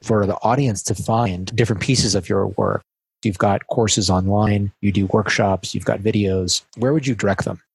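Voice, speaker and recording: A man hosting a podcast, asking his guest brief, low-key questions. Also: fairly even intonation, normal speed, creaky, husky, no room sound, rough recording. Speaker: podcast host. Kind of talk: interview questions.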